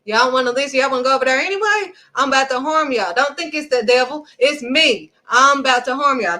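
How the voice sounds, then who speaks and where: A woman teaching from the Bible in a casual preaching style. She reads verses slowly, then restates them emphatically in everyday talk, driving points home with repetition. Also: a little high, sharp tone. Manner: repeats "period" for emphasis.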